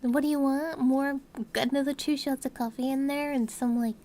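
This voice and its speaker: A woman's voice: high voice, steady tone, moderate pace, dark tone. A woman co-hosting a livestream in casual chat, playful and teasing. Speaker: co-host streamer.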